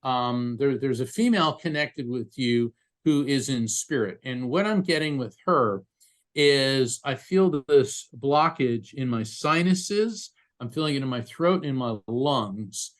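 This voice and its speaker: A man appearing as a guest, a psychic medium, talking earnestly and telling animated stories in a conversational interview. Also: medium pitch, a little slow.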